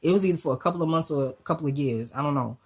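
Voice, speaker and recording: A woman with a low, husky voice, still getting over a cold, tells a story straight to her viewers. She talks fast and loose, full of slang and swearing, and keeps the story moving with lively asides. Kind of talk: casual storytime vlog.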